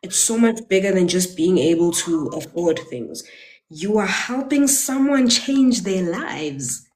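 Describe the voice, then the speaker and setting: A woman's voice: on the low side, animated, measured pace, darkish tone. Woman hosting a live chat, earnest questions, easygoing tone. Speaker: host. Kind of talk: casual live interview.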